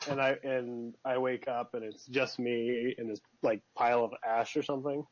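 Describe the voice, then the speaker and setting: A man's voice: mid-range voice, level tone, moderate pace, slight background noise. A man playing his character in a tabletop game, joking and often restarting his sentences. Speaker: player. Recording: dull lo-fi sound.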